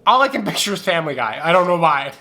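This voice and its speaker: A man's voice: on the high side, big pitch swings, quick pace, pushed and bright. A young man chatting campily on camera during a drinking game, sassy and irreverent, recorded at home on the camera mic. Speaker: vlogger.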